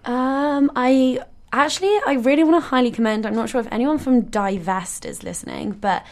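A woman's voice: fairly high pitch, normal speed, darkish tone. A young woman, a first-year university student, talking earnestly and enthusiastically as a guest on a radio show, with frequent light laughs. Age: young adult. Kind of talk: casual radio chat. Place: radio studio.

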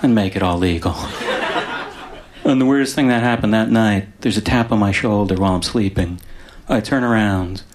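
A man doing stand-up comedy with slow, deadpan timing. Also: lowish voice. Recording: noisy live stage recording.

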